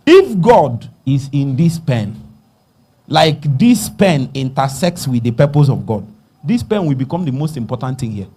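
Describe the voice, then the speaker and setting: A man with a Nigerian accent preaching a sermon, dropping to hushed murmurs and rising to loud calls, asking the congregation to finish his sentences. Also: mid-range voice, very animated, unhurried, breathy edge. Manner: call-and-response questions to the congregation.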